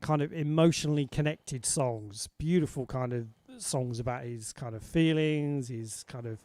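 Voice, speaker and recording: A man's voice: medium pitch, moderate pace, no echo. A British man hosting a music show over a video call, chatting casually and greeting viewers. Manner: chatty, warm greetings to viewers, laughs easily. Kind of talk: casual livestream chat.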